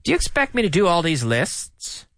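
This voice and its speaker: A man teaching English on a radio show, repeating each sentence slowly for learners in an animated way. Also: high-pitched, no echo, studio quality. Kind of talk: radio language lesson.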